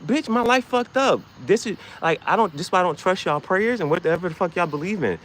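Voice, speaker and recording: A man ranting casually and profanely on his vlog, rambling and getting animated as he goes. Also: a little high, fairly quick, hardly any pauses, slight background noise, rough recording. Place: dim room.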